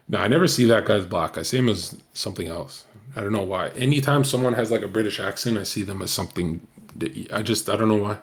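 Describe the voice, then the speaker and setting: A man's voice: lowish voice, normal speed. A man streaming, rambling through casual commentary to his viewers, profane and joking.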